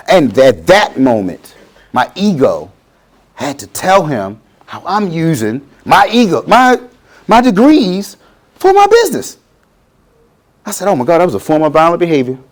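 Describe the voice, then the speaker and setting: A middle-aged man, giving a motivational talk to students and acting out quotes in changing voices. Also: on the high side. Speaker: guest speaker.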